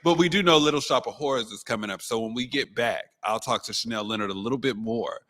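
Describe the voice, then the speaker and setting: A man's voice: medium pitch, fast, fairly bright tone, big-room sound. A man hosting a talk show, asking questions in a playful, teasing way and laughing often. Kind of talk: casual interview chat.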